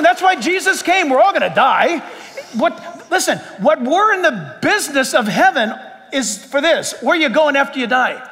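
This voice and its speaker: A middle-aged male pastor preaching a sermon with passion, rising to shouts at the high points. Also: big-room sound.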